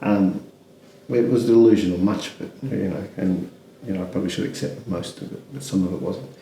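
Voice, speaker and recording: Man, mellow gravelly voice, rambling interview talk, faint background noise. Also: sits low, fairly quick, reverberant, low-quality recording. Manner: rambling, many restarts and fillers. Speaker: interview guest. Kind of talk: candid conversational interview.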